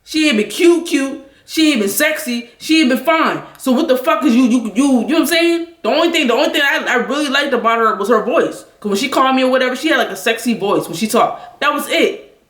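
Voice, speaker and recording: Loud, blunt woman venting. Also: sits high, animated, quick pace, roomy sound. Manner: loud, blunt and heavily profane. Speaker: vlogger venting on a livestream. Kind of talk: angry venting story.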